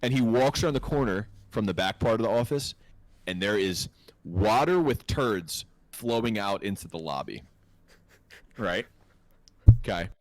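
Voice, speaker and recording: A man hosting a podcast, telling a story in an animated, profane, laughing way. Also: on the low side, moderate pace, long pauses, no echo. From North America. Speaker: podcast host. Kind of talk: casual storytelling chat.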